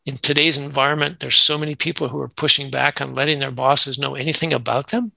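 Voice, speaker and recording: A man's voice: medium pitch, fairly even intonation, fast, gravelly, sharp tone, no echo, rough recording. A man, a nonprofit CEO, talking earnestly in an interview and telling workplace stories. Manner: earnest, acts out quoted dialogue in anecdotes. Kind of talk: conversational interview storytelling.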